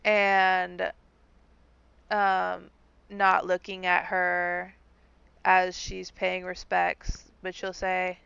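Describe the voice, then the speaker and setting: A woman with a low, gravelly voice narrates her character's actions in a tabletop game. She speaks slowly, softly and haltingly, full of fillers. The sound is a little dull and lo-fi. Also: monotone, no room sound. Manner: soft, halting, with many fillers. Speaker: player.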